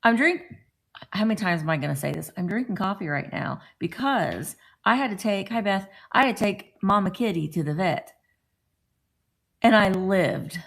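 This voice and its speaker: A woman's voice: medium pitch, lively intonation, normal speed, gravelly. A middle-aged woman casually chatting on a morning live stream from home, greeting viewers by name as she talks. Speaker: vlogger hosting a live stream.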